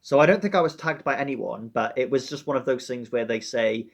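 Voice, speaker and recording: A Welsh teacher who vlogs about books chats casually and wryly to camera, with a slightly dramatic touch. His mid-range voice is gravelly, brisk and lively in intonation, and the recording has its highs cut off.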